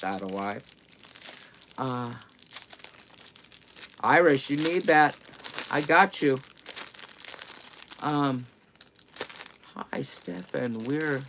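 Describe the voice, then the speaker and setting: A middle-aged man talks at an easy, drawn-out pace on his livestream, his voice sitting at an ordinary middle pitch. He rambles in a loose, self-mocking way as he unpacks clothes and answers chat. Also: slight background noise. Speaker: livestream host. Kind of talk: casual live-stream chat, unboxing clothes.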